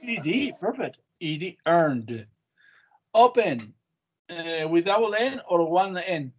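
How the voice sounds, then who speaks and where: Guy teaching english, slightly high voice, quizzing the class one word at a time. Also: expressive, a little slow, dull audio. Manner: patient, quizzing students, short prompts. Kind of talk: online class drilling spelling.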